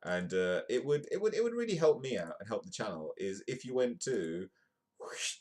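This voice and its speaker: This UK host of a comedic live news program reads out newspaper stories and interrupts himself with playful jokes. He speaks briskly in a lowish, darkish voice with big swings in pitch.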